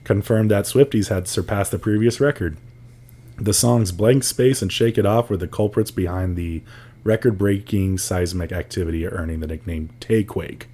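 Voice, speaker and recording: Mellow low-voiced man reading out topics. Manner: laid-back, laughs often, adds wry asides. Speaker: podcast co-host. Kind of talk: casual chat and reading news topics aloud.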